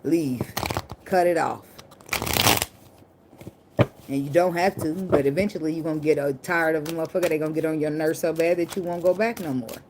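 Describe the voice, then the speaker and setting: A woman's voice: low-pitched, steady tone, a little fast, pauses often. A woman giving a casual tarot reading to camera, blunt, profane and joking, indoors at night under a ring light. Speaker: tarot reader. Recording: clear background noise of clicks and shuffling cards.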